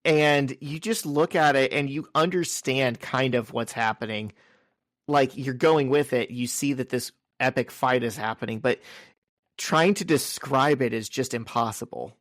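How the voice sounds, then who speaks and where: Man, podcast co-host, enthusiastic, lots of fillers, mid pitch, dry recording. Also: a little slow, fairly bright tone, no echo. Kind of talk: casual podcast chat.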